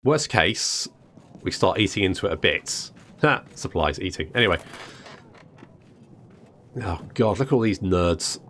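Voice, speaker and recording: Give me a casual, joking man narrating his playthrough, with lively pitch. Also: measured pace, long pauses, a little hiss or hum. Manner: casual, joking, thinks aloud with restarts. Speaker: gaming video host. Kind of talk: game playthrough commentary.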